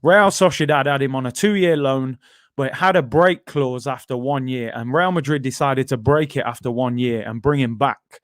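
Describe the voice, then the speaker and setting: A man from England hosts a football talk stream in an easygoing live-chat style, dropping fillers and asides while reading comments. He speaks at a moderate pace in a mid-range voice, and the audio is clean studio sound without room noise.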